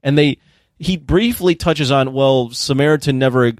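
A man co-hosting a casual movie review podcast, animated and incredulous as he acts out scenes. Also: mid-range voice, normal speed, no echo, clean studio sound. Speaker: podcast co-host.

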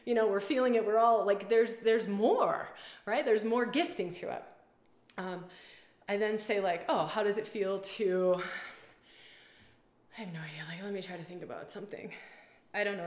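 Animated woman in an echoey room. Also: mid-range voice. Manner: animated, swears freely, repeats phrases. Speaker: women's circle and retreat leader. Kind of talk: casual live-stream talk.

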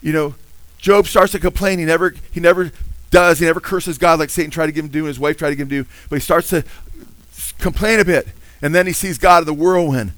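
A man's voice: fairly high pitch, fairly even intonation, fast talker, a bit bright, no room sound, low-quality recording. A man preaching a fervent, emphatic sermon with casual asides.

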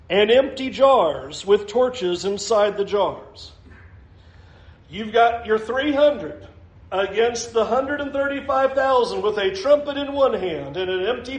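A man preaching in a roomy church with a strong echo. His voice sits high for a man, and he stays animated throughout, laughing as he plays out each figure in the story. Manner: animated, laughs often, acts out voices in the Bible text. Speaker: pastor. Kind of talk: sermon.

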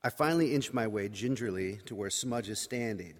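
A man's voice: on the low side, a little fast. A man preaching by telling a personal story in a wry, conversational, self-mocking way. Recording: reverberant hall.

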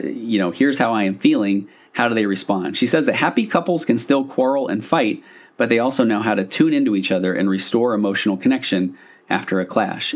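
A man with a fairly low voice talks through a podcast episode on his own. He is a couples therapist who reads quotations and then explains them in a relaxed, reflective way, often stopping for asides. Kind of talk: casual solo podcast talk.

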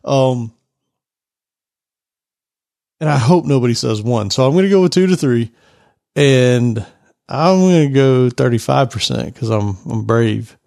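A man co-hosting a tech podcast, speaking in a relaxed, conversational way. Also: medium pitch, measured pace, gravelly, pauses often, no echo, studio quality. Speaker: podcast co-host. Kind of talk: casual chat.

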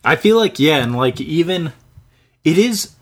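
Guy in his 30s musing slow about music, voice swoops up and down, lots of "like". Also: on the high side, expressive. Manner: rambling, many "like" fillers, searching for words. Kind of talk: casual chat.

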